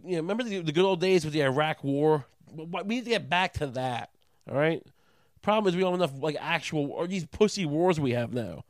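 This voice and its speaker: A man on a sarcastic, profane comedic rant, his voice jumping high when he gets indignant. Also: no echo.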